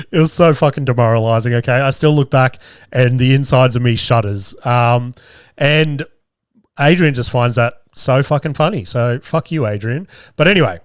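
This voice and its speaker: A man in his thirties with an Australian accent, hosting a podcast and telling stories in a casual, animated way, full of swearing and laughs. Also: mid-range voice, normal speed, clean tone, no echo, clean studio sound. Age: 30s. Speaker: podcast host. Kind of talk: casual storytelling. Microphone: camera with podcast mic.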